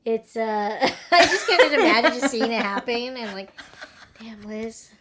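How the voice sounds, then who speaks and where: High-voiced woman cohost, laughs a ton, hypes up the story, noisy background. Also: animated, normal speed. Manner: laughs a lot, eggs on the story. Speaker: podcast co-host. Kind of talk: casual chat.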